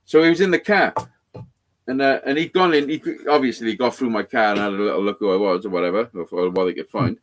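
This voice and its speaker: A man on a livestream, telling rough stories in casual chat, swearing constantly and acting out the dialogue. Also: on the low side, quick pace, slight background noise. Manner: swears constantly, acts out quoted dialogue animatedly. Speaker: livestream co-host.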